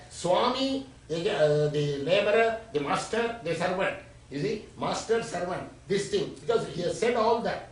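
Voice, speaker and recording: A man's voice: sits high, lively intonation, a little slow. An older man from India lecturing on scripture to a small private audience, explaining verses and acting out quotes. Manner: explains verses line by line, switching into acted quotes. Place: private home gathering. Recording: echoey room, mic far off.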